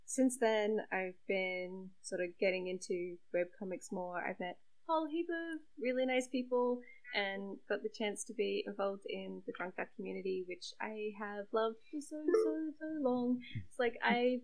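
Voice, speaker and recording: A woman's voice: mid-range voice, moderate pace, rough recording. Young woman, casual podcast guest-regular, chatty and self-deprecating, mid-range voice. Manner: chatty and self-deprecating, many fillers and laughs. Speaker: webcomic creator and site regular.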